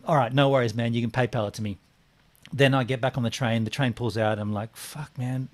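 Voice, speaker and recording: Animated man telling a story. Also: medium pitch, fairly quick, slight background noise. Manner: animated storyteller, acts out quotes, swears. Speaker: podcast co-host. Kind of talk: casual storytelling chat.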